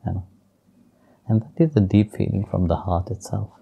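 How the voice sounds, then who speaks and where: A man who is a spiritual teacher, telling a story in an interview gently, with halting restarts. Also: on the low side, gravelly, husky, muffled recording.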